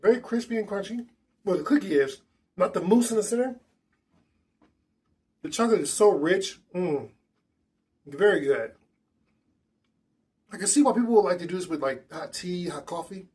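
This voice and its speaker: A man's voice: sits high, lively intonation, moderate pace, long pauses, darkish tone, husky. A man hosting a casual snack tasting vlog indoors at a table, chatty and enthusiastic with loose restarts. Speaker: food vlogger.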